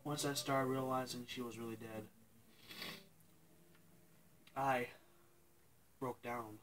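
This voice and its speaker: A young man telling a painful personal story to his viewers, halting and tearful, pausing and restarting as he cries. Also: medium pitch, fairly even intonation, fairly bright tone, a little hiss or hum, poor audio. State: crying. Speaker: vlogger. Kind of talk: emotional personal story to camera.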